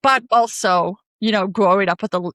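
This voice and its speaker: A woman's voice: medium pitch, normal speed, a bit bright, no room sound, studio quality. A woman guest in a casual interview, speaking earnestly and candidly and laughing easily. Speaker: podcast guest, forest bathing guide.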